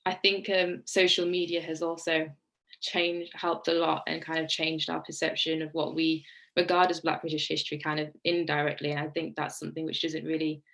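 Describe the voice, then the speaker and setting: Low, flat-voiced woman on a call. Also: gravelly, rough recording. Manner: quick, searching, self-correcting. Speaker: panelist. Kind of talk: academic panel discussion. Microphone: video call.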